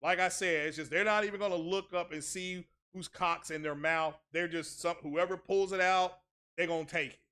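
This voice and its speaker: A man's voice: high-pitched, steady tone, moderate pace, pushed and bright, smooth. A man hosting a tech channel, ranting casually with sarcastic, mock-outraged exaggeration and crude, blunt language. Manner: crude, blunt street talk. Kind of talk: casual streamed rant.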